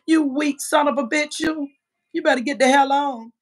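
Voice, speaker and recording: A woman's voice: high voice, moderate pace. A woman in her fifties on a livestream, delivering a combative, profane rant into a phone mic. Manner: profane, combative, trash-talking.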